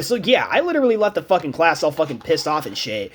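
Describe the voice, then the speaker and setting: A young man hosting a podcast, telling stories in a casual, profane, animated way. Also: a little high, quick pace.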